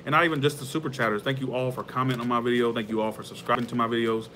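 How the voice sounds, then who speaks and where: Man, tarot livestream host, loose rambling chat, medium pitch, quick to laugh, faint hum behind. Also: steady tone, pushed and bright. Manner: rambling, heartfelt, laughs easily. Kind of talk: casual livestream chat with viewers.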